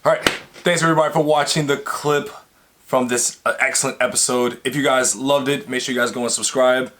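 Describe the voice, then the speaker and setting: A man's voice: medium pitch, fairly even intonation, a little fast, fairly bright tone, slight background noise. A man giving an upbeat closing outro for a channel, asking viewers to subscribe. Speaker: channel host. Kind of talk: video outro.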